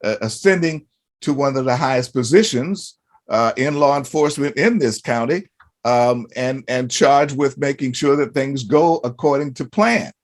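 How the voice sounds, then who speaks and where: A man hosts a conversational interview in a mid-pitched, everyday voice. He asks long, meandering questions, restarting phrases and leaning on fillers as he goes. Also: moderate pace. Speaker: host.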